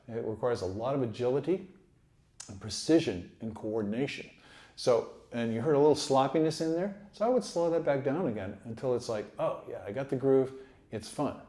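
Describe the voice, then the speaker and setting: A man teaching trumpet in a relaxed, encouraging way, sometimes singing rhythms aloud. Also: mid-range voice. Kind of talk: relaxed instructional talk. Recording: echoey room.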